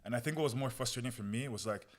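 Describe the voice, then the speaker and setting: Talking very fast in a mid-range voice, a young podcast guest shares a story about himself in slangy, easygoing language. He keeps throwing in "bro" and "yo" and replays his past words as though reliving them.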